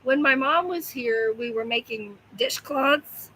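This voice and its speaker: Slow-talking chatty woman at home. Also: high voice, pushed and bright, slight background noise, rough recording. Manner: chatty, talks to her pets and reads viewer comments. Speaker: livestream host. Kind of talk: casual livestream chat.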